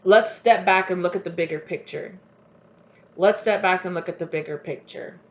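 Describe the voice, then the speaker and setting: A woman giving a casual tarot reading, chatty and emphatic, with lots of fillers and quick laughs. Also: on the low side, dull audio. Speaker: tarot reader.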